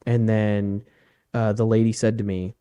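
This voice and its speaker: A man's voice: on the low side, measured pace, smooth. Profane young man telling a story. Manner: profane, animated when acting out quotes. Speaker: podcast co-host. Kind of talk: casual storytelling chat.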